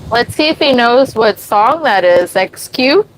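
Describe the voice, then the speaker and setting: Slow-talking American woman on a boat. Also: fairly high pitch, expressive, background noise. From USA. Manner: chatty, gushing at her dog in a baby voice. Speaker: vlogger answering live chat. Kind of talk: casual live-stream chat. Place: on a sailboat.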